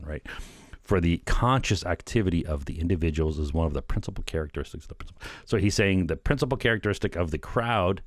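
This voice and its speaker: Low-voiced rambling man, dry sound. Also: no room sound. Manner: rambling, fills talk with "you know" and "right?"; chuckles at his own remarks. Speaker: podcast host. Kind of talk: casual solo commentary.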